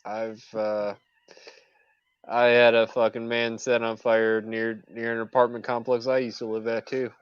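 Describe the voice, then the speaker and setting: A man's voice: medium pitch, flat delivery, unhurried, smooth, dry recording. A man in casual chat who talks bluntly and searches hesitantly for his words. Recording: dry, dull lo-fi audio.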